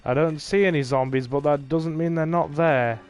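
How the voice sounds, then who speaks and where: Chatty British man, slightly high voice. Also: normal speed, soft background music. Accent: neutral British. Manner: relaxed, chatty, wry asides to the game. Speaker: gaming livestreamer. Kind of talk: casual game commentary.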